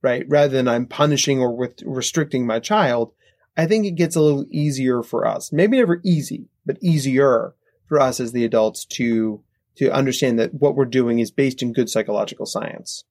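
A man's voice: mid-range voice, moderate pace, darkish tone, no echo. A man, a psychologist guest on a podcast, explaining his points and tagging them with "right?". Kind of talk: podcast interview answers. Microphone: podcast microphone.

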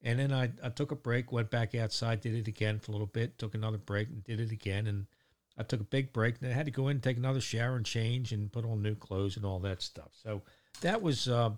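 A man's voice: mid-range voice, a little mellow. A middle-aged man telling a casual, rambling story about his day, full of fillers and casual swearing. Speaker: vlogger.

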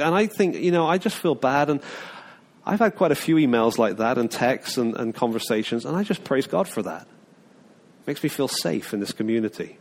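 A man's voice: fairly high pitch, lively intonation, a little fast. A middle-aged man preaching a sermon in a conversational way, often restarting and acting out little asides. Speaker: pastor.

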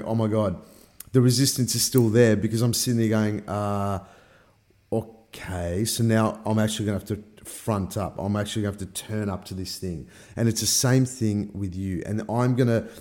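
A man's voice: on the low side, darkish tone. A middle-aged man giving a motivational talk, swearing freely and acting out his own inner voices. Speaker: personal development coach. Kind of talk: motivational monologue.

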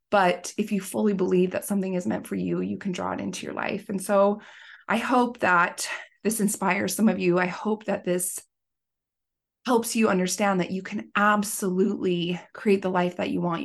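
A pregnant woman in her thirties, a life coach and podcast host, tells a personal story earnestly and emotionally, tearful at times. Her voice is mid-range and gravelly.

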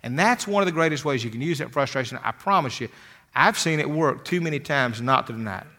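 A man's voice: mid-range voice, lively intonation, fast, bright, forceful tone. An older man giving a motivational talk, telling folksy stories and often repeating words as he starts a sentence. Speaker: motivational speaker.

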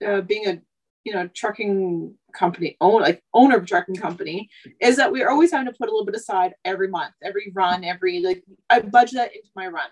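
A woman's voice: mid-range voice, fast talker, husky, low-quality recording. A woman in her thirties from Canada, a truck driver chatting casually on a podcast, rambling with lots of asides. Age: 30s. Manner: talkative, rambling, many "like" and "you know" asides.

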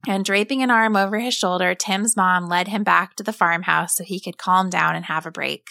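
A woman calmly and expressively narrating a children's story as a storyteller. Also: on the low side, moderate pace, gravelly, no echo, studio quality. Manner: calm, expressive read-aloud.

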